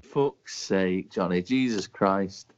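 A man's voice: low voice, slow pace, slight background noise. A man, a podcast co-host who teases and swears in casual banter, sounding sceptical. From England. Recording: dull lo-fi sound.

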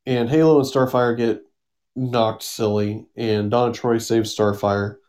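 A man's voice: medium pitch, fairly even intonation, a little slow, darkish tone. A man casually summarizing a comic book story on a podcast, rambling with fillers and acting out the characters' lines. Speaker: podcast co-host.

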